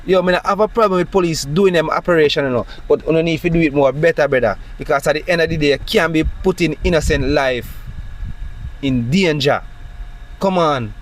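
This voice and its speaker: A man's voice: a little high, brisk. A man with a Jamaican accent, speaking in an agitated, emphatic monologue full of rhetorical questions. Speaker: citizen recounting a police stop. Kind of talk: impassioned monologue.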